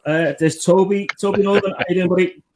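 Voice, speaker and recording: A man's voice: high voice, steady tone, brisk, darkish tone, slight background noise. Chatty man hosting a livestream. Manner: chatty, calls viewers buddy and mate. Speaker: livestream host. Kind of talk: casual live chat greeting viewers.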